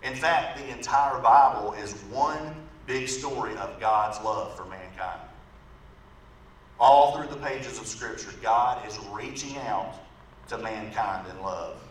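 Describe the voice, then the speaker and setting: A man preaching a sermon in a church, telling an illustrative story in a conversational way and often checking in with the congregation with "right?". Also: mid-range voice. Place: church sanctuary. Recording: echoey room from far off, faint background noise.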